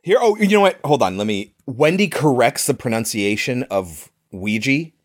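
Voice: medium pitch, lively intonation, moderate pace. A podcast co-host in casual chat, wry and mock-exasperated, laughing often.

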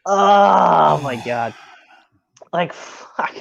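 A woman co-hosting a casual chat, animated and laughing, who swears freely. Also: on the low side, drawn-out words, creaky, highs cut off. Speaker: co-host.

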